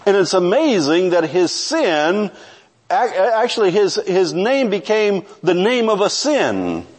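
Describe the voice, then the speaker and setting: Male pastor, high voice, conversational sermon delivery with frequent restarts. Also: slightly rough.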